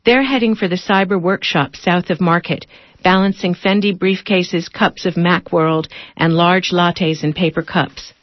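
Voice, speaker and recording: A woman writer reading her own essay aloud, in a measured, descriptive way, on a dull, dry lo-fi radio recording. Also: fairly low pitch, steady tone, no echo.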